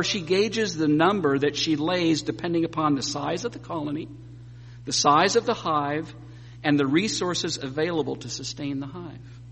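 A man preaching a sermon and reading scripture aloud, telling it with lively joking asides. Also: on the high side. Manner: animated storytelling with joking asides. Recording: long hall reverb, faint hum.

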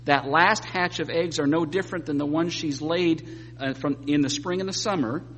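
Animated preacher man in a reverberant hall. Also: fairly high pitch, moderate pace. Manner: animated storytelling with joking asides. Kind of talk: sermon with scripture reading. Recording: long hall reverb, faint hum.

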